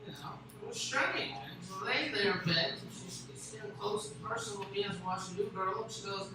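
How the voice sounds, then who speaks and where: A man's voice: high-pitched, fairly quick, few pauses, a crowd in the background. Echoey young male stand-up comic. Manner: crude, rambling, animated storytelling. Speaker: stand-up comedian. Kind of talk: stand-up storytelling. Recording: echoey room with faint noise.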